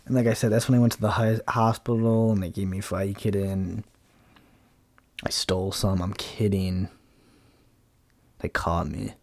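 A young man rants in a loose, rambling monologue, blunt, sarcastic and quick to swear. His voice sits low with a mellow, warm tone. The sound is dry and close. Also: fairly even intonation, vocal fry, no echo. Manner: blunt, sarcastic, profane, rambling with many fillers. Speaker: podcast host. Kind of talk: casual ranting monologue.

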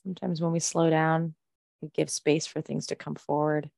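Low-voiced woman host, gentle and reflective. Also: flat delivery, vocal fry, dry recording, clean studio sound. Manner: gentle, reflective, slow questions. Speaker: podcast host. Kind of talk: supportive interview conversation.

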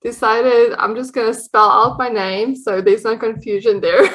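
A woman's voice: fairly high pitch, steady tone, a little slow, fairly bright tone, low-quality recording. A woman with a South African accent, chatting as an interview guest, laughing often and restarting her sentences. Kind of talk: casual conversation.

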